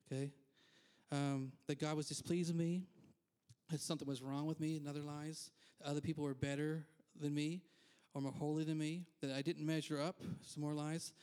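Brief: male pastor, fairly high voice, candid chatty sermon with asides. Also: level tone, normal speed, darkish tone, clear, resonant tone. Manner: candid, self-deprecating, frequent asides. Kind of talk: conversational sermon.

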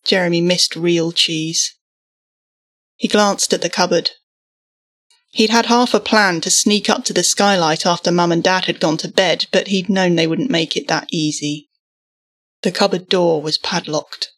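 A woman narrating a story aloud in an even, measured reading voice. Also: on the low side.

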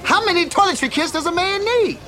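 A high-pitched ranting postal worker. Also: male voice, animated, fairly quick, heavily acted. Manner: loud, chatty, griping. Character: frazzled ranting male postal worker, middle-aged. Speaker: film character in a played clip. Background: crowd outdoors.

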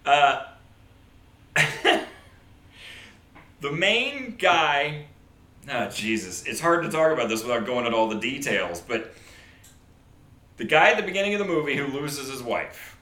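A man's voice: mid-range voice, big pitch swings, unhurried, pauses often, sharp tone, reverberant. A man casually recapping a movie on a podcast, rambling and acting out quoted lines.

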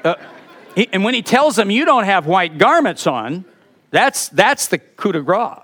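A man preaching a sermon as pastor, animated, with sudden drops to a soft voice. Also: high-pitched, a little slow.

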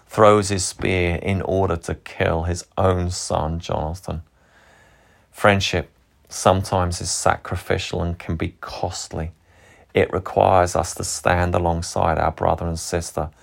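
A man's voice: low voice, vocal fry. A man, a pastor, giving an earnest, reflective sermon and often repeating words as he starts a thought.

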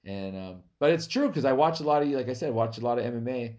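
A lively man hosts a casual podcast chat in a voice of ordinary middle pitch. He tells stories with plenty of laughter and acts out the people he quotes. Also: fast. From US Native American reservation.

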